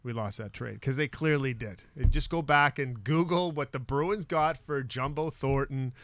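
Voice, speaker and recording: A man's voice: a little high, moderate pace, fairly bright tone. Emphatic man co-hosting sports talk. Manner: opinionated, emphatic. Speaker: sports talk show co-host. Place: studio.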